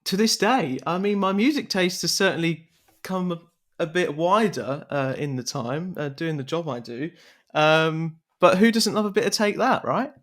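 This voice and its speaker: A man in his twenties being interviewed on a podcast, speaking modestly and haltingly. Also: a little high, lively intonation, a bit bright. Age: 20s. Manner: modest and halting, with many fillers and restarts. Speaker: interview guest. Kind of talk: conversational interview.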